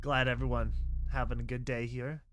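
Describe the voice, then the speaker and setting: A man reacting to a horror comic slideshow, excitable, with frequent gasps and mild swearing. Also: mid-range voice, normal speed, soft background music. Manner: excitable, swears mildly, laughs and gasps often. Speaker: online reaction host.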